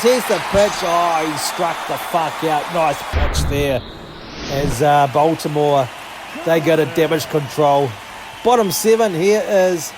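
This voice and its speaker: A gaming channel host with a high voice narrates his video game like a sports broadcaster, cursing often and getting hyped over every play in an excitable, joking way. A constant low hum of background noise runs beneath him.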